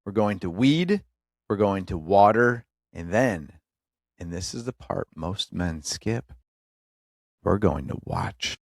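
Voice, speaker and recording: A man's voice: deep voice, lively intonation, slow pace, gravelly, no room sound, studio quality. A man hosting a faith-based motivational podcast, speaking earnestly in short emphatic phrases and addressing the listener as a brother. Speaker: podcast host.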